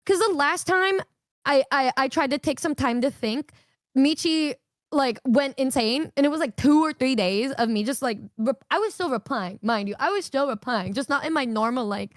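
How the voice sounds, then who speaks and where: A high-voiced woman streamer tells a story in a lively, casual way, laughing often and swearing offhandedly. Her voice sounds close and dry, with no room echo. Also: normal speed. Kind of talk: casual chat.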